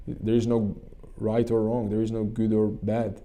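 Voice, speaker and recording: Male coach, dark mellow voice, gravelly, earnest guided-meditation talk. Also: lowish voice, level tone. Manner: earnest, repetitive, halting restarts. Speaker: channel host and coach.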